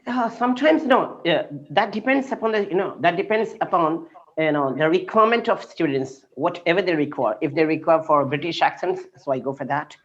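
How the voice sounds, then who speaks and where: A man's voice: fairly high pitch, lively intonation, a little fast, fairly bright tone. Hesitant man on a muffled call. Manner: hesitant, many fillers and restarts. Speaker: English teacher. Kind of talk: casual video-call conversation.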